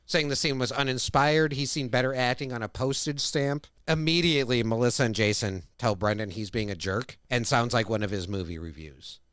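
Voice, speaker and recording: A man's voice: mid-range voice, a little fast, few pauses, a bit bright, clean tone, dry recording, clean studio sound. A man co-hosting a podcast, recapping an episode's plot and quoting its lines. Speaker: podcast co-host.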